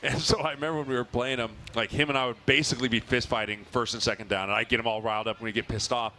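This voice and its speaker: Brief: quick, bright-toned male co-host, animated storyteller, live outdoor show with faint crowd noise. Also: mid-range voice. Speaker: podcast co-host, former lineman. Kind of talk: casual chat at a live show. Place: outdoor fair stage. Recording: live event with faint ambience.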